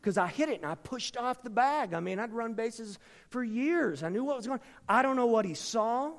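A middle-aged man preaching a storytelling sermon, with a dramatic delivery that swings from hushed asides to sudden shouts. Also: extremely high pitch, animated, moderate pace. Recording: long reverb from a large hall.

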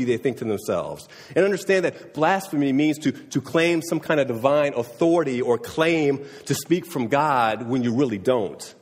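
A man's voice: medium pitch, expressive, normal speed, slightly rough, big-room sound. A man preaching a sermon in a conversational way, often checking in with his listeners. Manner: conversational, often asking "right?". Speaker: pastor.

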